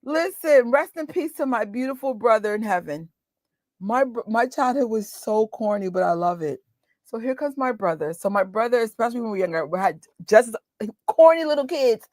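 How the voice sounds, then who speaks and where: A woman in her forties, hosting a movie watch party, talking in a chatty, animated and exclamatory way. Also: a little high, a little fast, no room sound, clean studio sound. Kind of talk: casual chat.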